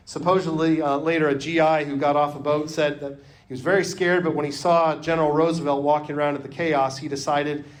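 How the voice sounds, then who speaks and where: A man preaching a sermon as pastor, earnest, often dropping to a hush on key phrases. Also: fairly high pitch, level tone, a little fast.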